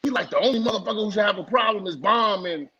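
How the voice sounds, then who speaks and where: A man's voice: sits high, fast, bright, forceful tone, husky, muffled recording. A man in casual live-stream chat, talking heatedly and profanely with many fillers.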